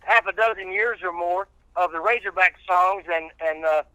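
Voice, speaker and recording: A man, chatting casually as a guest on a podcast, folksy and halting with many fillers. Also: high-pitched, pushed and bright, clean tone, no room sound, highs cut off. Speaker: radio host and guest.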